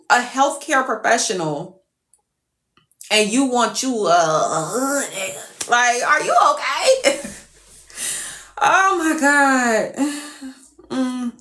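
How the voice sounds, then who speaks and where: Animated, profane young woman ranting. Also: on the high side, roomy sound. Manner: profane, animated, exasperated, laughing. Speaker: TikTok creator. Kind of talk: casual storytime rant.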